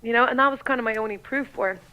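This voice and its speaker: A woman's voice: fairly high pitch, very fast, smooth, dull audio. A young Irish woman, a radio DJ, chatting as a guest and telling embarrassing stories, acting out her own lines with a lot of life. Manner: animated storyteller, acts out her own quotes. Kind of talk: casual chat, telling funny stories.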